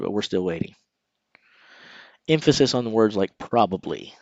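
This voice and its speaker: A man with a lowish voice talks casually to his live stream audience and asks them questions directly. The sound is dry and a little dull, like a home microphone. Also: animated, normal speed, vocal fry, a little mellow, no room sound. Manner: conversational, talks straight to viewers.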